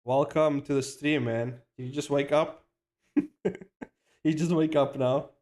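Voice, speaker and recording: A man chatting casually on a live stream while he animates, excitable and hyping himself up, swearing freely, rambling with restarts and slang. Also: a little high, measured pace. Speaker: animator streaming his work.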